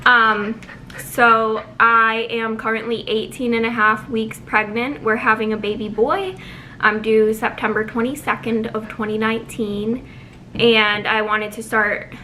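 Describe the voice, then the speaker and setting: A young woman chatting casually at home in a vlog, talking quickly with lots of ums and sounding a little out of breath. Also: mid-range voice, pushed and bright, slight background noise, rough recording. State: slightly out of breath. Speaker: vlogger. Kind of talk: casual pregnancy update vlog.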